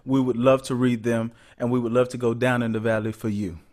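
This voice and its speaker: A man's voice: medium pitch, little pitch movement, a little fast, a little mellow. A male podcast host in casual chat, joking and slipping into a preacher-like church cadence.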